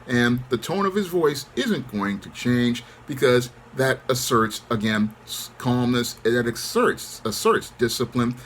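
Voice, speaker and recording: A middle-aged man hosting his channel, speaking in a calm, controlled monologue. He keeps a measured tone and often repeats set phrases. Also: mid-range voice, slight background noise. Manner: calm, controlled, even-toned delivery. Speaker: channel host. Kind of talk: monologue to camera.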